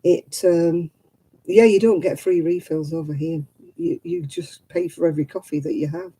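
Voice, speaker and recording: Older woman, husky, very dark mellow voice, rambling livestream chat. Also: lowish voice, lively intonation, moderate pace, rough recording. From England. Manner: rambling, chatty, explains local customs. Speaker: livestream host. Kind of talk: casual chat with viewers.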